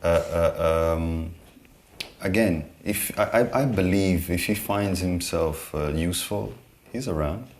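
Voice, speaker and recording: A man's voice: low voice, slow pace, darkish tone, slight background noise. A man being interviewed as an artist, speaking hesitantly with many repeated words and restarts. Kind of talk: conversational interview.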